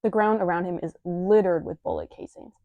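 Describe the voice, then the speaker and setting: A woman's voice: lowish voice, fairly even intonation, fairly quick, no echo, phone-quality sound. A young woman reviewing a manga in a chatty, wry manner with playful asides, reading from a script.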